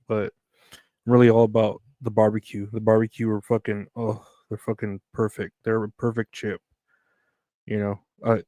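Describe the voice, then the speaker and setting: A man's voice: lowish voice, darkish tone, dry recording. A man hosting a solo podcast from the United States, rambling and profane, tired and yawning as he talks. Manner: rambling, profane, self-mocking. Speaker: podcast host. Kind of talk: casual solo podcast rant.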